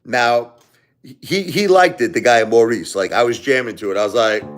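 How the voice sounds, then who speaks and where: A man's voice: mid-range voice, moderate pace, over loud music. A man hosting a live stream, telling a story in a casual, jokey, rambling way.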